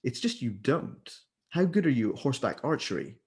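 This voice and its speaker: Lively-voiced man explaining singing. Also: mid-range voice, brisk. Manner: animated, explanatory, demonstrates with sung syllables. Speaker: vocal leader. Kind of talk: conversational interview.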